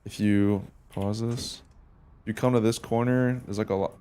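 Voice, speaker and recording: At a measured pace, he speaks in a fairly low, mellow, clean-toned voice with fairly even intonation. He's streaming and reviewing a match replay, chatting casually with his viewers and swearing in slangy think-aloud commentary.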